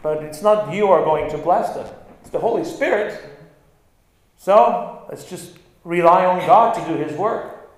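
A male pastor preaching an animated sermon, stressing lines and acting out quoted words. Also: sits high, unhurried. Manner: animated, acts out quotes with bursts of emphasis. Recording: very echoey room.

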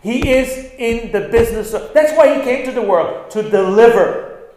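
A male pastor preaching an animated sermon, stressing lines and acting out quoted words. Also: extremely high pitch, normal speed, slight background noise. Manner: animated, acts out quotes with bursts of emphasis. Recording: very echoey room.

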